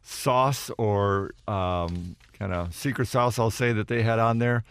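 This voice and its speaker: Man, radio sidekick, low voice, joking, easygoing. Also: fairly even intonation, slow pace, clear, resonant tone, no room sound. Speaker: caddy and co-host. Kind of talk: casual studio banter. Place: radio studio.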